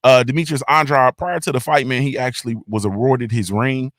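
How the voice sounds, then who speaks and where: A man's voice: medium pitch, fairly even intonation, a little fast, fairly bright tone, no echo, clean studio sound. A man hosting a casual morning talk show, speaking in a loose, laid-back way with lots of fillers and repeated tags. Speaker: host.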